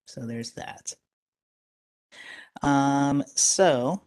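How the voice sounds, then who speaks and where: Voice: mid-range voice, moderate pace. A presenter leading a live webinar over a computer microphone, talking casually with many fillers and restarts. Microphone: computer microphone on a video call.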